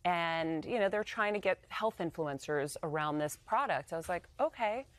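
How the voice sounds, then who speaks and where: A woman in her thirties, a guest telling her own story candidly, animated and emotional, acting out the lines of others. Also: lowish voice, normal speed, no room sound. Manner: emotional, animated retelling with quoted dialogue. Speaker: interview guest.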